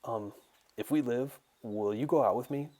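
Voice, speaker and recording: A man's voice: mid-range voice, normal speed, darkish tone, pitched above the performer's own voice, natural voice. A man voicing a teenage boy who speaks hesitantly, then urgently. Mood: shy. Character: teenage boy, nervous but brave.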